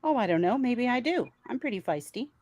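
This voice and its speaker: Sarcastic woman host, somewhat high voice. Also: big pitch swings, brisk, a little mellow, no echo, rough recording. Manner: sarcastic, blunt, swears freely. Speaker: commentary channel host. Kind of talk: casual commentary with reactions.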